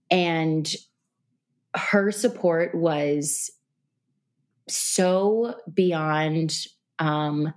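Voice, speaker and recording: A woman guest on a podcast, talking in a relaxed, reflective way, with lots of fillers. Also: low voice. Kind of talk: casual interview conversation. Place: New York City.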